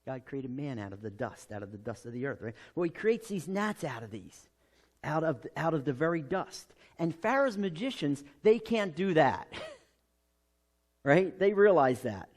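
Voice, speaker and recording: An American man preaching a sermon as pastor, telling the story with lively acted-out quotes. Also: on the high side, normal speed. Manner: animated storytelling, acting out quotes.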